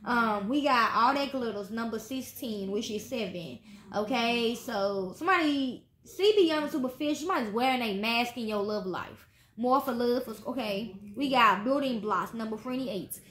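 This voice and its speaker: A woman's voice: fairly high pitch, normal speed, fairly bright tone. Blunt woman doing tarot, echoey room. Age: 20s. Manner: blunt, profane, says okay constantly. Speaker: tarot reader. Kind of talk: casual tarot reading.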